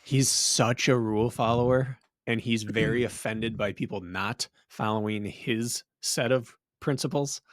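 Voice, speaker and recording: A man co-hosting a running podcast, teasing and quick to laugh, then laying out his points with conviction. His voice is mid-pitched and the recording is dry and close. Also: fairly even intonation, no echo. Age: adult father. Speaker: podcast co-host. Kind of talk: casual podcast banter and topic intro.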